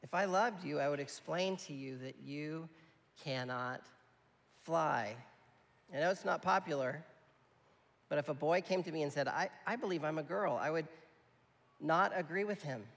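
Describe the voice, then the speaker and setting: Gravelly male preacher in a reverberant hall. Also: on the high side, unhurried, long pauses, a bit bright. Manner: conversational preaching, checks in with the audience. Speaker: pastor. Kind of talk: sermon.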